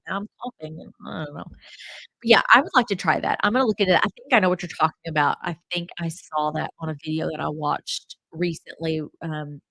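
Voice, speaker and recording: A woman's voice: fairly high pitch, fairly bright tone, no echo, low-quality recording. A woman hosting a casual travel livestream, chatty and rambling with lots of fillers, a bit stuffy from a cold. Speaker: travel channel host.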